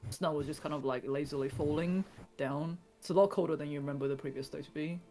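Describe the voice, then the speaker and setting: A man's voice: a little high, fairly even intonation, fast talker, a little mellow, soft background music. A man narrating a tabletop game as game master, hesitant with many fillers.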